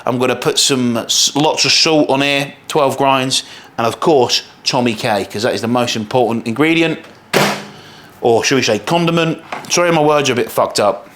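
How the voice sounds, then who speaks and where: A young man rambles quickly as he cooks, peppering his talk with swearing. He sounds worn out from the day. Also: medium pitch, fairly bright tone, slight background noise. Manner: swears a lot, rambling and fast. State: tired. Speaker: fitness coach. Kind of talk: casual cooking vlog.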